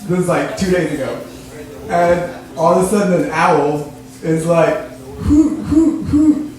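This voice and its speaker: A high-voiced man rambles through a stand-up story, giggling as he goes. He sounds like he was picked up from a distance, with a lot of room echo and noise behind him. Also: steady tone, moderate pace. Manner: giggly, laughs through his lines. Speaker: stand-up comedian. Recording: echoey room from a distant mic.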